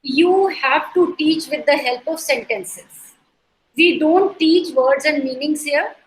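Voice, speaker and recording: A woman's voice: sits high, slow pace. A woman with an Indian accent teaching an online lecture over a video call, explaining through repeated examples and checking that students follow. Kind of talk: online lecture mixing in Hindi. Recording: echoey room.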